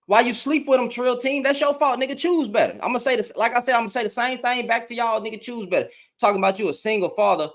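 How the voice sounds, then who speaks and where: A man giving heated reaction commentary as an online commentator, animated and profane, repeating himself and laughing often. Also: extremely high pitch, quick pace, hardly any pauses. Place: in Dallas, Texas.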